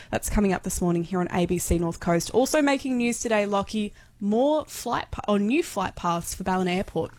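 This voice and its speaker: A woman's voice: mid-range voice, a little mellow, no echo. Brief: woman, morning radio host, chatty, close studio mic, dry sound. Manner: chatty, teasing, asks listeners to call in. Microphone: studio microphone.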